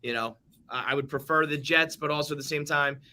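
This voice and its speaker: Bright-voiced joking male podcast host. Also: fairly high pitch, fairly quick. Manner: animated, joking, heavy swearing. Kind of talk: casual sports podcast banter.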